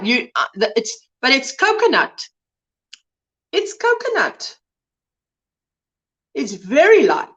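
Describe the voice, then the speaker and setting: A livestream host with a high, slightly bright voice chats casually, reading comments, greeting viewers by name, and exclaiming often.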